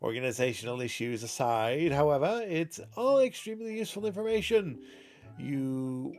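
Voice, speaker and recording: A man's voice: mid-range voice, animated, moderate pace, darkish tone, faint music behind, natural voice. A man voicing a fussy, pompous old male scholar who lectures at length. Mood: lecturing.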